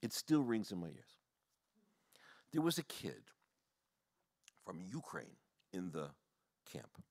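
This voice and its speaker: A man, a rabbi, telling stories to an audience in a rambling, animated way, full of fillers and short laughs. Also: low voice, slow pace, vocal fry, dry recording. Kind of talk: storytelling talk.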